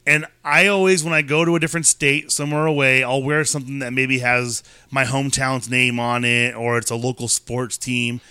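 A man in his thirties from California, co-hosting a casual chat and telling rambling stories with animated asides. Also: mid-range voice, normal speed, hardly any pauses, clear, resonant tone, no room sound. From California, USA. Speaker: podcast co-host.

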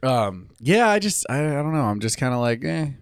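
An animated man from California co-hosts a casual podcast, swearing freely as he recaps the story. His voice sits at a middling pitch. The sound is dry and close. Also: moderate pace, clean tone, no room sound. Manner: animated, swears, acts out characters in quotes. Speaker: podcast co-host. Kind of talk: casual chat. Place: tiny studio on a wind farm.

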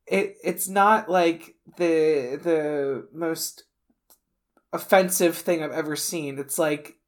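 A woman's voice: deep voice, slow pace. A young woman co-hosting a podcast, giving her frank take on a movie while searching for the right words. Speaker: podcast co-host. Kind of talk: casual movie discussion.

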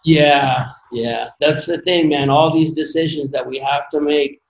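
A man's voice: fairly high pitch, steady tone, a little slow, muffled recording. Earnest rambling man in a roomy room. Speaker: podcast guest, former Olympic athlete. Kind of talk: casual conversational interview. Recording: roomy echo.

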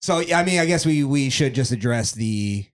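A man's voice: medium pitch, lively intonation, moderate pace, noisy background. A man co-hosting a podcast in casual chat, rambling loosely and laughing often. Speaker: podcast co-host.

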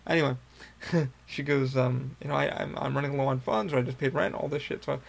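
A young man hosting a podcast tells a long, casual story that rambles, swears, and is full of fillers and restarts. His mid-range voice is gravelly and brisk.

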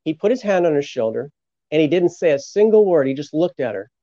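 A man's voice: a little high, sing-song, a little fast, mellow, no room sound. A man, a pastor, telling a story as an interview guest, acting out the voices of the people he quotes. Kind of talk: storytelling testimony. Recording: muffled lo-fi sound.

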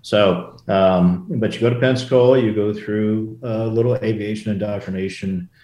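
An older man with a low, mellow voice recalls his flying days in a relaxed interview. He rambles, restarting sentences and wandering into asides. The room around him sounds echoey. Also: normal speed. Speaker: former Marine aviator guest. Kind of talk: casual interview storytelling. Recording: roomy echo.

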